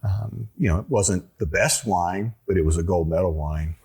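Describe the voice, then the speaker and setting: A man's voice: deep voice, normal speed, darkish tone, husky. A man, a winery owner telling a rambling story in a casual interview, full of fillers and restarts.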